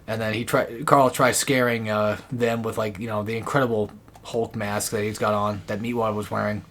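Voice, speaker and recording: A man's voice: little pitch movement, moderate pace, fairly bright tone. A young man chatting casually while playing a co-op game, retelling cartoon scenes with frequent laughs. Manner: rambling storyteller, laughing, quoting cartoon lines in high put-on voices. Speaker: co-op gamer. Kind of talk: casual chat while gaming.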